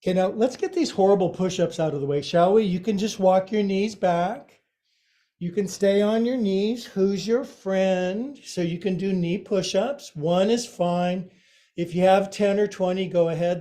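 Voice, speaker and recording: A man's voice: high-pitched, moderate pace, dark tone. A man teaching a yoga class, giving cues in a playful, joking way with silly sound effects.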